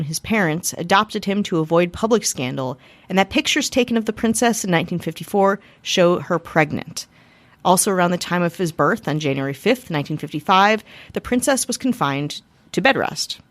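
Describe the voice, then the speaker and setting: Podcast cohost, woman with a lowish voice reading her script, dry close mic. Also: expressive, fairly quick, no echo. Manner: laughs often in banter, then reads steadily. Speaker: podcast co-host. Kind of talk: scripted history narration and banter.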